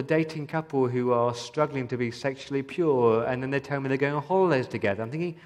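A man's voice: medium pitch, a little fast, few pauses, darkish tone. A man preaching a sermon as a pastor, earnest and pleading, asking many questions of his listeners. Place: church hall. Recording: long hall reverb.

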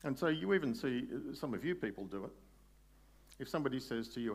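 A man preaching a sermon in a conversational way, putting questions to his listeners and slowing down on key words. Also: medium pitch, lively intonation, slightly rough. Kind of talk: sermon, Bible exposition.

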